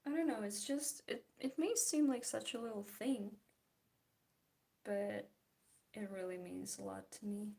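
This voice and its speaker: A woman's voice: medium pitch, fairly even intonation, measured pace, vocal fry, pauses often, dark tone. A young woman chatting casually and giggling while she paints, trailing off into murmured, half-whispered asides. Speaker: art vlogger.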